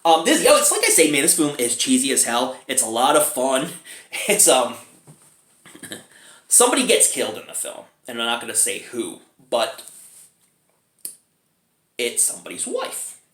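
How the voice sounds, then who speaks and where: A man's voice: medium pitch, wildly swooping pitch, moderate pace, pauses often, fairly bright tone, echoey room. A man giving a casual, chatty film review, chuckling often between remarks.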